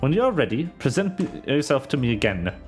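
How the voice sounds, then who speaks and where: Grave veteran sellsword, voiced by a man, measured and formal, with a lively pitch. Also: soft background music, natural voice. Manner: measured, formal, slightly halting read. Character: stern veteran male sellsword captain, grave and caring.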